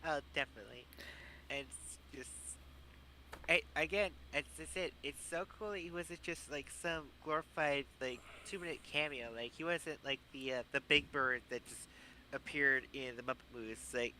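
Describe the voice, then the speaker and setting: A man co-hosting a casual podcast chat, rambling and excitable, swearing casually. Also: medium pitch, normal speed, a little hiss or hum. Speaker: podcast co-host.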